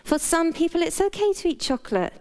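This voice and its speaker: A woman's voice: very high voice, expressive, brisk, a little mellow. A middle-aged British woman, a doctor, giving a frank, playful motivational talk in a conversational way. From Britain. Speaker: doctor and speaker.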